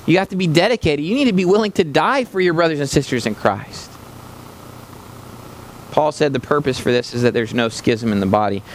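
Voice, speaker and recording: Passionate, gravelly-voiced male preacher. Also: on the high side, a little fast, slight background noise. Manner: passionate, rising to emphatic peaks, addresses congregation directly. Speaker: preacher, visiting missionary. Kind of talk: sermon.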